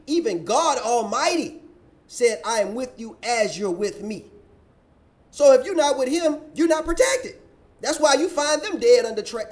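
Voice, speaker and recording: A man hosting a reaction commentary show, sarcastic and preachy, mocking others with put-on quotes. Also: very high voice.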